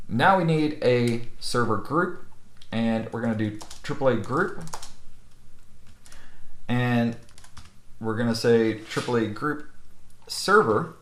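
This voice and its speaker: A man's voice: mid-range voice, echoey room. A man giving a casual screen-recorded technical tutorial, often checking in with "okay?" and "right?". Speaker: network instructor.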